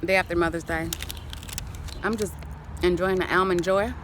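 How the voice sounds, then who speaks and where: A woman vlogging casually to the camera, chatty and animated, often laughing and using folksy, churchy phrasing. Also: lowish voice, moderate pace, a little hiss or hum. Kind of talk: casual vlog talk to camera.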